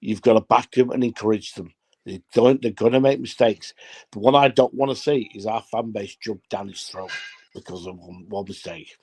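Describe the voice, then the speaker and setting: A man's voice: on the low side, normal speed, mellow, slightly rough. A man, speaking as a guest on a football chat stream, emphatic and repeating himself. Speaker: guest pundit.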